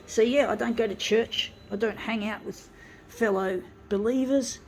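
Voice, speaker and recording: A woman's voice: a little high, normal speed, a little hiss or hum. Swearing, ranting woman. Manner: swearing, angry ranting, repeatedly addressing "folks". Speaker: vlogger. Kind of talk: ranting monologue to camera.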